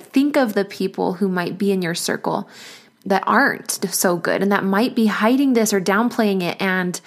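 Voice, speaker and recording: A woman who hosts a podcast as a postpartum coach, talking in an effusive, warm way in a casual interview. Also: medium pitch. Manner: warm, effusive, gets emotional.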